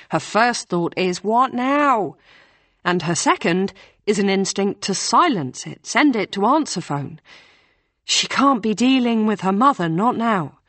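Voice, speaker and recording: A woman's voice: mid-range voice, a bit bright, no room sound. Woman narrating an audiobook. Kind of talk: scripted narration.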